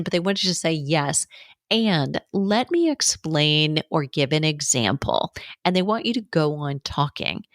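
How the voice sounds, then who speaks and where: A middle-aged woman hosting a solo coaching podcast in a chatty, brisk way, pace shifting as she adds asides. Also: deep voice, vocal fry, dry recording, studio quality. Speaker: podcast host.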